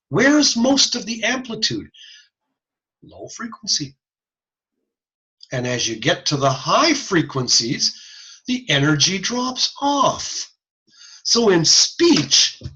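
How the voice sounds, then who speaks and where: Animated man giving a slow lecture. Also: on the high side, dull audio. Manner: animated, demonstrates sounds aloud, casual asides. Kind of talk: recorded video lecture.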